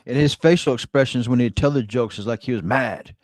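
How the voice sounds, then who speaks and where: A man's voice: medium pitch, a little fast, no room sound, clean studio sound. A man joining a livestream as guest, chatting casually in short, agreeing replies. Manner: brief agreeing replies with chuckles. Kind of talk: casual chat.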